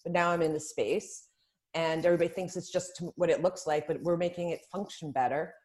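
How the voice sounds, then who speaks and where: A woman guest on a casual podcast chat who explains things in an emphatic, animated way. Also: fairly low pitch, fairly quick. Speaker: guest, spa business founder.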